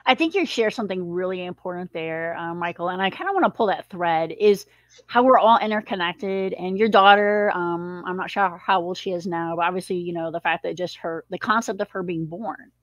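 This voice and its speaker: A woman's voice: on the low side, fairly quick, no room sound, lo-fi sound. A woman hosting an interview, asking long, framed questions with frequent "um"s. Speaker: host. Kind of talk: interview host.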